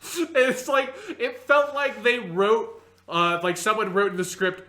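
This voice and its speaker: Bright-voiced man rambling in an echoey room. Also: sits high, animated, slow pace. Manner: rambling, hesitant, lots of fillers, mocking impressions. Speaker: podcast co-host. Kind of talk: casual review discussion.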